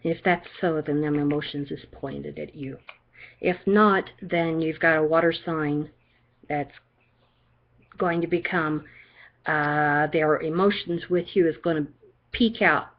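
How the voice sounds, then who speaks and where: Low-voiced older woman giving a psychic reading. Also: steady tone, unhurried. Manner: chatty, reassuring, checks in with frequent "okay?". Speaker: psychic reader. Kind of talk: one-on-one card reading. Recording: dull lo-fi recording.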